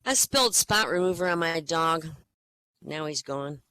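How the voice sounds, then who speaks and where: Animated woman telling jokes. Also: low-pitched, unhurried, clean tone, no room sound. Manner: animated, acts out characters in jokes. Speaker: joke teller leading the session.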